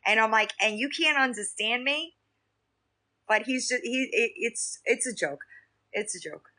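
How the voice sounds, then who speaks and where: A woman with a thick New York accent talks to her live-stream chat in an unhurried, easy way. Her voice sits a bit high and bright, and it swings up and down with plenty of life. She laughs often as she goes. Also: animated. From Staten Island, New York.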